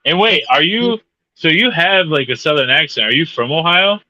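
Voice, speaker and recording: A man's voice: on the high side, lively intonation, normal speed, pushed and bright, no room sound, lo-fi sound. A man from Michigan in casual podcast chat, teasing and laughing often.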